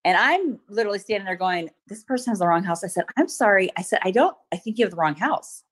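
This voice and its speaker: A middle-aged woman testifying at a court hearing over a video call, retelling events hesitantly with many pauses and ums. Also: medium pitch, lively intonation. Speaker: witness testifying at a protective order hearing.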